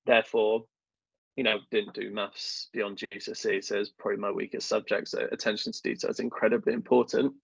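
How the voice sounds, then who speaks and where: Young man, casual self-deprecating storyteller, lowish husky voice. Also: flat delivery, brisk, no echo. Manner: chatty, self-deprecating storyteller with many fillers. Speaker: podcast guest, government affairs professional. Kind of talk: casual conversational interview. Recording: dull dry lo-fi sound.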